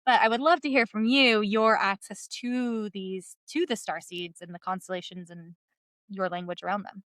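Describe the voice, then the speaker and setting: A woman hosting a podcast, telling stories in an animated way and laughing often. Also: medium pitch, normal speed, clear, resonant tone, dry recording. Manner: animated storytelling, laughs often, many likes. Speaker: podcast host. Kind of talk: casual chat.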